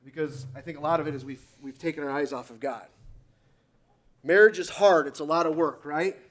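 A man's voice: a little high, fairly quick, a bit bright. A man preaching a sermon with fervour, pushing to emphatic peaks and calling out to the congregation for an amen. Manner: fervent, rising to emphatic peaks, calls for amen.

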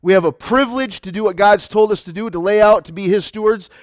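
A man's voice: sits high, quick pace, no room sound, studio quality. A man preaching a conversational sermon to a congregation, often calling out to the crowd. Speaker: pastor.

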